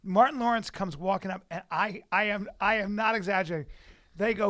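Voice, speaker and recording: A man in his forties, co-hosting a podcast in casual chat, animated and shouting out quoted lines. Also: high-pitched, moderate pace. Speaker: podcast co-host.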